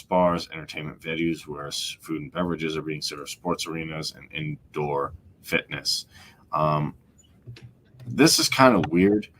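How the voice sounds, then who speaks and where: Male podcast host, very low voice, blunt emphatic commentary. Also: fairly bright tone, a little hiss or hum. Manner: emphatic, repeats points, mocking asides.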